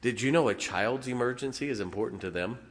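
A middle-aged male pastor preaching in a folksy, self-deprecating way, chuckling as he goes. His voice sits at an ordinary middle pitch. The sound carries the long reverb of a church sanctuary. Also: quick pace. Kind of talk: sermon.

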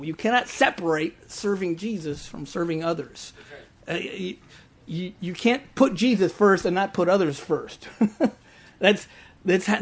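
A man preaching a sermon in a church before a congregation, his voice quite high for a man. He tells stories in a loose, chatty way, often restarting his words and teasing listeners with a laugh. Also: husky.

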